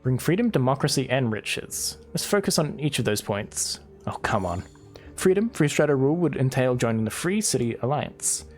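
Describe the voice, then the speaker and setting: A man's voice: mid-range voice, sing-song, moderate pace, soft background music. A male game streamer reading game text aloud with wry asides during live gameplay commentary.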